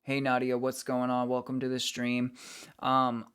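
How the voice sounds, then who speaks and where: A man's voice: medium pitch, completely flat delivery, unhurried, a bit bright, clean tone. A man streaming, chatting casually with his viewers and greeting them as he reads the chat. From United States.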